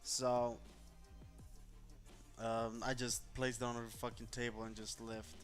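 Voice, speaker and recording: A man's voice: medium pitch, measured pace, soft background music. A man telling a story in a casual vlog, venting with slang and heavy swearing. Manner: profane, animated, vents with slang. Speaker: vlogger.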